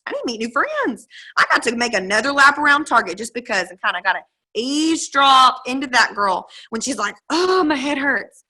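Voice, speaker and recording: A woman's voice: on the high side, big pitch swings, fairly quick, pushed and bright, rough recording. A woman, giving an emphatic, chatty coaching talk to her sales team over a video call. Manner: emphatic, chatty, acts out quoted dialogue. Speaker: direct-sales team leader.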